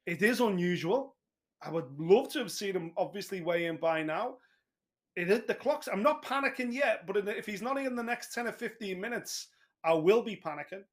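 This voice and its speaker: A man giving chatty, emphatic fight analysis in long, run-on points. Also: high voice. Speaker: pundit. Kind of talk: casual studio analysis.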